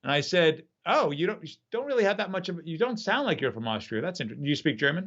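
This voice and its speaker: An enthusiastic male storyteller with a fairly high voice. He talks over a video call from his home studio, and the sound comes through dull and lo-fi. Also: sing-song, quick pace, fairly bright tone. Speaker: magician and app creator. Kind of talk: casual storytelling.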